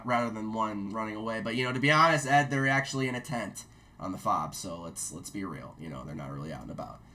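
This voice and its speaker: A man and army veteran, a guest telling stories in casual chat, profane and animated, mimicking shouted orders as he goes. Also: mid-range voice. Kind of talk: casual storytelling.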